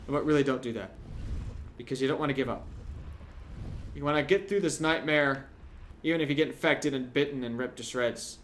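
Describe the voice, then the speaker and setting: Young guy doing let's play commentary, rambly and jokey, mid pitch, faint hiss behind. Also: expressive, fairly quick. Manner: chatty, jokey, sudden loud outbursts. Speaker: gameplay commentator.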